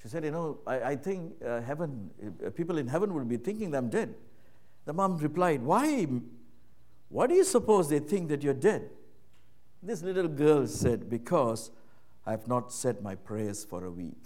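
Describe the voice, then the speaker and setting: A man preaching a sermon in a conversational way, full of "you know" and "right?", moving from hushed low talk to loud, raised passages. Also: big pitch swings, moderate pace.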